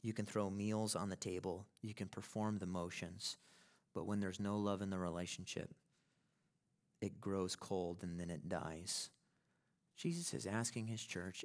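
A man's voice: deep voice, steady tone, unhurried. A male pastor preaching a sermon in an emphatic way, building to impassioned peaks.

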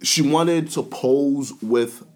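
A man's voice: medium pitch, drawn-out words. A man chatting casually with friends, telling stories with lots of restarts and acted-out quotes. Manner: animated storyteller, many restarts, acts out quotes. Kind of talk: casual chat.

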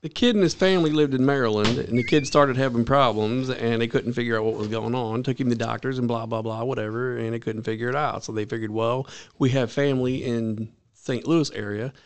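A man's voice: mid-range voice, fairly even intonation, fairly quick, smooth. A man co-hosting a casual podcast, plainly retelling a story and swearing now and then. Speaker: podcast co-host. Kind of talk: casual chat.

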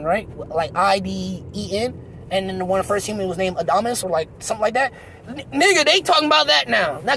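A man's voice: very high-pitched, vocal fry, a bit bright, a little hiss or hum. A man, a comedian, talking in a rambling, profane, self-mocking monologue, recorded on a phone outdoors in a park.

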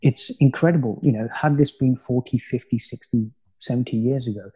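Mellow, husky man, reflective. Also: mid-range voice, a little fast. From United Kingdom. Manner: reflective, musing, often quiet. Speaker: spiritual teacher, guest. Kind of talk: casual spiritual conversation.

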